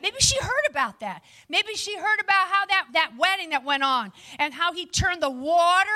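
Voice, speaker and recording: A woman preaching a lively sermon to a live audience, with chatty asides to the listeners. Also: extremely high pitch.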